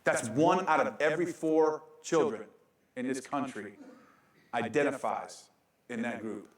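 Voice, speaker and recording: A man's voice: mid-range voice, a little slow, recorded from a distance. A male pastor preaching a sermon with a joking, self-mocking manner and frequent laughs, recorded in a church sanctuary. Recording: very echoey church room.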